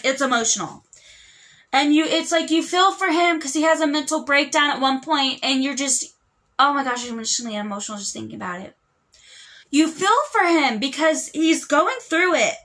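A woman's voice: sits high, bright, forceful tone. A young woman chatting casually as a book vlogger, rambling with lots of fillers and restarts. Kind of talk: casual chat.

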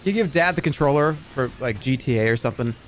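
Animated, excitable man. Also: medium pitch, fast talker, faint music behind. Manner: animated, swears, flies into frustrated outbursts. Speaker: streamer. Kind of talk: casual gaming stream chat.

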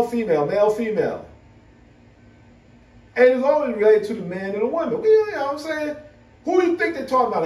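A man chatting casually to camera as a vlogger, animated and laughing often. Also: very high-pitched. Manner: animated, laughing, full of "you know". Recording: roomy, from a distance.

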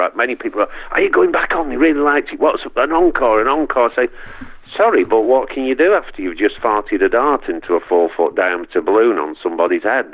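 Middle-aged man with a Manchester accent, low-pitched and halting, heard over a tinny phone line. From Northern England. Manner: halting, many restarts and repeats. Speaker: guest, performer. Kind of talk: casual interview chat.

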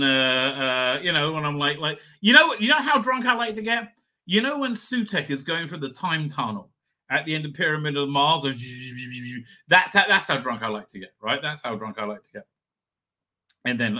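Guy rambling on a livestream, bit high, very bright voice, swears a lot. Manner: rambling, swears, chuckles often. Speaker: livestream host. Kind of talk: casual live chat reading comments.

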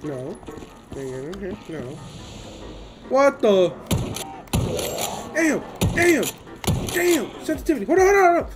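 An excitable young man narrates his gaming session, his pitch leaping all over as he swears and shouts at the screen. He talks into a headset, with game music playing behind him. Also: a little slow, pauses often. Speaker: gamer. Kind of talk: gameplay commentary.

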